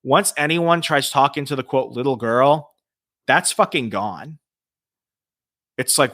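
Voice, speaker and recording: A man's voice: mid-range voice, unhurried, long pauses, no room sound, studio quality. A man telling ghost stories as a podcast guest, casual and profane, acting out quotes from the people in them. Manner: profane, animated storytelling with acted-out quotes. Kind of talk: casual storytelling.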